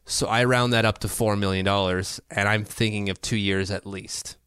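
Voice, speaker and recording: A man's voice: lowish voice, steady tone, moderate pace, a bit bright, clean tone, no echo, studio quality. A man co-hosting a casual hockey podcast, talking through his opinions with frequent restarts and fillers. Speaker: podcast co-host. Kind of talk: casual sports talk.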